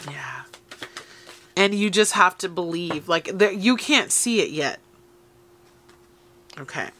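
Speaking slowly and expressively in a fairly low, somewhat bright voice, a woman gives an encouraging tarot reading addressed directly to viewers. A little hiss or hum sits under the recording.

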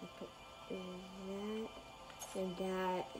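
Woman, gameplay commentary, slow unhurried pace, rambling with fillers, quiet murmuring while building, game music behind. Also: mid-range voice, level tone, poor audio. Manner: rambling, talks to viewers with many "like" fillers. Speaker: gaming channel host.

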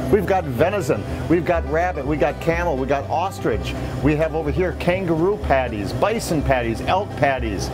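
A man hosting a folksy promotional show, chatty and quick to laugh. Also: on the high side. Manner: chatty salesman, laughs easily. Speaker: host. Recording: music bed underneath.

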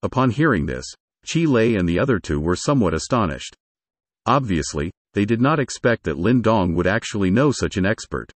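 Guy reading a story, husky low voice, goes up and down a lot. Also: a little fast, no echo. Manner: steady storytelling. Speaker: narrator. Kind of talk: scripted story narration.

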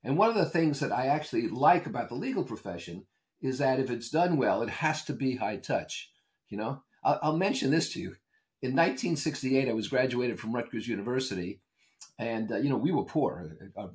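A man's voice: mid-range voice, fairly quick. An older man, a consultant and author, talks as a podcast guest. His voice moves through a wide range as he tells anecdotes and argues his points. He is emphatic and sure of himself. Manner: animated storyteller, emphatic and opinionated. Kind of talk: conversational interview answers.

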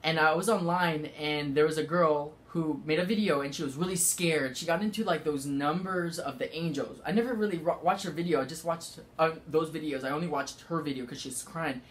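A man's voice: fairly high pitch, a bit bright, a little hiss or hum. Rambling man. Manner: rambling, many "like" fillers, halting restarts. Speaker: spiritual vlogger. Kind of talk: casual spiritual talk.

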